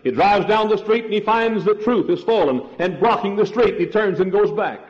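An older male pastor preaching a sermon with emphatic, shouted refrains, on a 1968 church recording. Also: high voice, normal speed, big-room sound, dull audio.

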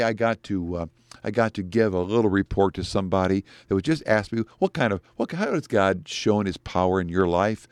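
A middle-aged male pastor preaching a sermon, animated and climbing high in pitch whenever he quotes scripture. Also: clean tone, no echo.

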